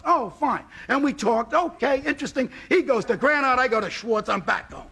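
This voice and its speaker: A man from Brooklyn, a talk show guest, telling a comic anecdote in an animated way and voicing both sides of the dialogue himself. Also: extremely high pitch, moderate pace, few pauses. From Brooklyn, New York.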